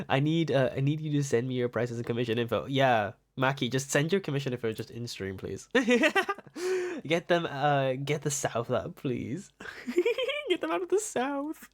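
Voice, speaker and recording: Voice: mid-range voice, big pitch swings, measured pace. A young adult art streamer chatting casually on a livestream, rambling, giggling often and swearing offhand.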